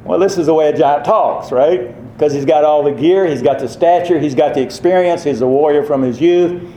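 A man's voice: on the high side, brisk, mellow, highs cut off, a little hiss or hum. A man preaching a sermon, emphatic and fond of rhetorical questions. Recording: roomy echo.

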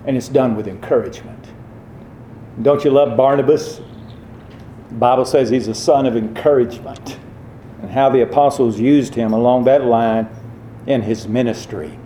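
A man's voice: mid-range voice, fairly even intonation, moderate pace, long pauses, warm tone, slight background noise. A man preaching a sermon, emphatic and fond of rhetorical questions. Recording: roomy echo.

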